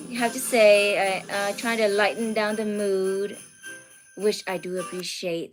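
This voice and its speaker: Brief: woman art streamer, unhurried, chatty with chat, faint music underneath. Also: medium pitch. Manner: chatty, reads out viewer comments, drifts into soft near-whispers. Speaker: art livestream host. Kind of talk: casual livestream chat with viewers.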